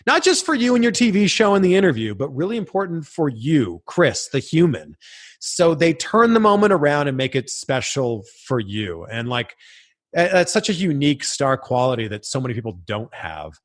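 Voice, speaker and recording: Guest interviewer, man, 30s, animated storyteller, lively pitch. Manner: animated, quick anecdotes with acted quotes. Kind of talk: casual storytelling chat.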